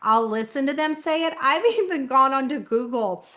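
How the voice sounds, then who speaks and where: A woman's voice: sits high, moderate pace, a bit bright. A middle-aged woman with a slight Southern Indiana twang, chatting casually to camera as an author introducing her channel. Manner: chatty, self-conscious, laughs often. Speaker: author vlogger.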